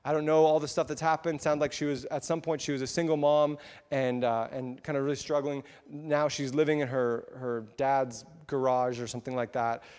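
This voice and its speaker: A man's voice: mid-range voice, flat delivery, a little fast, darkish tone, clean tone, in a large hall. A man, a pastor, telling a story in a casual, chatty sermon to his church. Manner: casual, chatty, with fillers and laughs. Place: church sanctuary.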